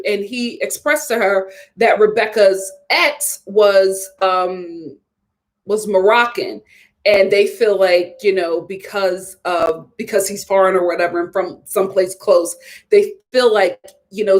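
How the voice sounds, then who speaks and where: A woman's voice: mid-range voice, unhurried. A woman giving a casual, opinionated live review of a TV episode. She laughs often and acts out what people said. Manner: chatty and opinionated, acts out quotes in voices; laughs often while talking. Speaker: TV show reviewer.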